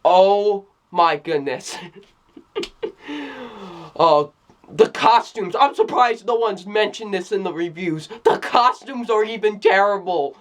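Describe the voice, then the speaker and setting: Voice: mid-range voice, slow, fairly bright tone. A film reviewer in a casual spoken review who keeps exclaiming, repeats phrases, restarts sentences and often breaks into laughter. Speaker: movie reviewer.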